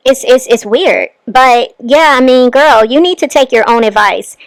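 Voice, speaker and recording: A woman's voice: high voice, unhurried, no room sound, rough recording. A woman hosting a reaction commentary, scolding the person on screen with pointed rhetorical questions. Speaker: commentary channel host.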